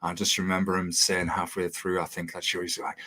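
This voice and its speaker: A man hosting an interview, chatty and quick to laugh as he tells stories. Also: low-pitched, monotone, pushed and bright. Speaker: podcast host. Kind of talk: casual interview chat.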